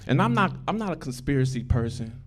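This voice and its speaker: A man doing a stand-up comedy set on a club stage into a handheld mic, profane and repetitive, swinging from loud bursts down to low mumbling. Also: sing-song, a little fast.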